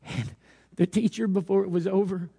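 A man's voice: on the high side, moderate pace, a little mellow. A man preaching a sermon, telling stories and building to fervent exhortation, with many repeated hallelujahs.

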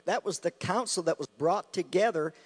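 A man preaching a sermon with passion, repeating phrases and swinging between loud outbursts and quiet asides. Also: high voice, moderate pace, husky. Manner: impassioned, rising and falling sharply, repeating phrases. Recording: long hall reverb with mains hum.

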